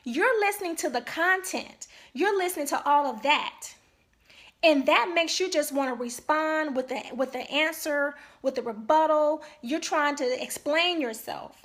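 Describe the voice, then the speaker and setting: High-voiced woman giving earnest marriage advice. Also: unhurried, fairly bright tone. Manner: earnest, emphatic, checks in with repeated "okay?". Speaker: marriage counselor. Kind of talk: instructional talk to couples.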